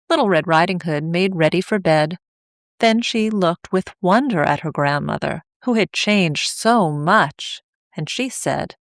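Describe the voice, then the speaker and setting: Slow-reading woman storyteller. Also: on the low side, no echo, studio quality. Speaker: storyteller for English learners. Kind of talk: scripted story narration.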